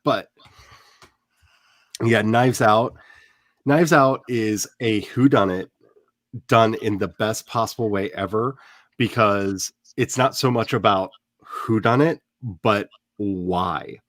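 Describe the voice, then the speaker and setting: A man chatting casually as a host, animated and rambling with many fillers. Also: fairly low pitch, slow, pauses often, dry recording. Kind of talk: casual chat.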